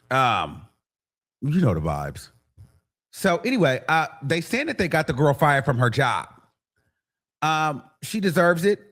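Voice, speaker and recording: A man hosting a livestream, talking bluntly and animatedly to his viewers in casual commentary, sometimes mimicking others. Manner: blunt and animated, mimics people in higher voices. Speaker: livestream host.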